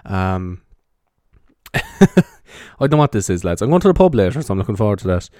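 This lowish-voiced Irish podcaster has a sing-song lilt and a fairly quick pace. Carrying a handheld mic around his bedroom, he rambles chattily in a soft, half-whispered ASMR style, meandering and swearing freely. The recording is studio quality without echo.

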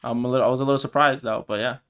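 Young male podcast co-host; soft, reflective, halting casual delivery. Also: mid-range voice, fairly even intonation. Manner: soft-spoken, reflective, many fillers and restarts. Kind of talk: casual chat.

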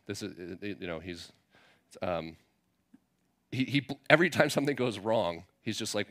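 A man preaching a sermon in a relaxed, conversational way, reading scripture and paraphrasing it playfully. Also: on the low side, moderate pace, pauses often. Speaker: pastor.

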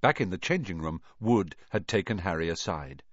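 A man reading a storybook aloud as narrator, in an expressive, animated way. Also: deep voice, normal speed, dry recording, dull audio. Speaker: audiobook reader.

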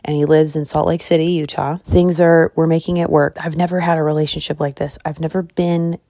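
A woman in her thirties hosting a podcast, chatting candidly and excitably, tired and hungry, swearing freely. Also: low voice, fairly quick, no echo, studio quality. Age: 30s. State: tired and calorie deprived. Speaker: podcast host. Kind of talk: casual personal chat. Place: car or bed at home.

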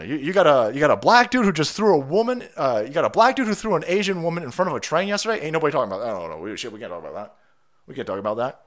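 A man's voice: high voice, fairly bright tone. A man hosting a livestream, delivering heated, profane political commentary and repeating himself for emphasis. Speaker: livestream host.

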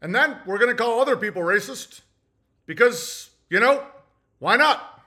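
A man's voice: very high voice, expressive, normal speed, pushed and bright, heavily acted. A man doing a parody impression of an older former president in a matter-of-fact, musical cadence. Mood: sly. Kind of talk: crude parody monologue.

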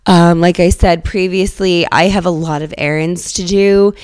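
Woman, podcast host, nasal, a bit under the weather, sarcastic, rambling, swears freely, recording in her car, handheld mic, clear voice. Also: on the low side, steady tone, normal speed, a little mellow, dry recording. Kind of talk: casual comedic monologue. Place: inside her car, driving. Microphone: handheld microphone.

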